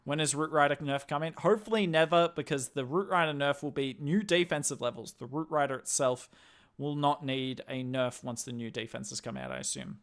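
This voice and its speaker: An Australian man talks casually on a live game stream, answering chat and musing aloud. His voice is bright and forceful and sits slightly high for a man. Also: expressive, brisk. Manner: chatty, answers chat questions, thinks aloud.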